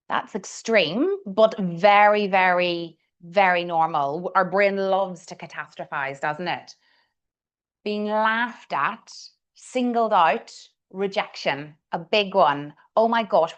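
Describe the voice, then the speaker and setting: A woman's voice: medium pitch, lo-fi sound. A middle-aged woman with a Northern Irish accent, leading a live communication coaching session in an encouraging way and repeating words for emphasis.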